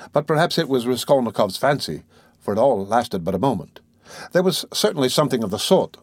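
Guy reading a classic novel aloud, measured, dry close mic. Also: on the low side, darkish tone, slightly rough, dry recording. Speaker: audiobook narrator. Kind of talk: scripted narration.

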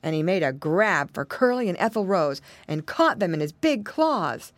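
Brief: woman narrator for a children's audiobook, lively sing-song delivery, dry close sound. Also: on the low side, moderate pace, no room sound. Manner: expressive, sing-song storytelling. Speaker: audiobook reader.

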